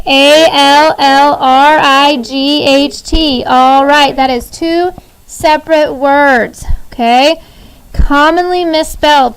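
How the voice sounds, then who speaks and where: Woman teacher drilling spelling words, high voice, slow and firm, classroom. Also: low-quality recording. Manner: spells words slowly letter by letter, firm and directive. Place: school classroom.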